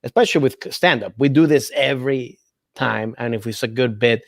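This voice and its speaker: A man's voice: mid-range voice, brisk, vocal fry, dry recording. A comedian guest with a non-native English accent, talking earnestly in casual chat and often restarting his sentences. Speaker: stand-up comedian, podcast guest.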